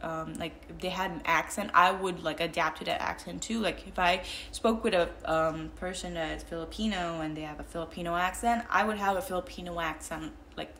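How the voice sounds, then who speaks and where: A woman's voice: fairly low pitch, fairly even intonation, brisk, few pauses, a bit bright, slight background noise. A young woman vlogging in casual chat with a mild American accent, rambling with many fillers and restarts.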